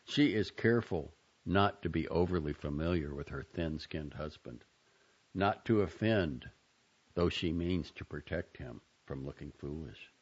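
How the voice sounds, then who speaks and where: A man reading short fiction and poetry aloud with an expressive, dramatic delivery, in a dull lo-fi recording. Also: rumbling low, unhurried, slightly rough. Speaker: reader.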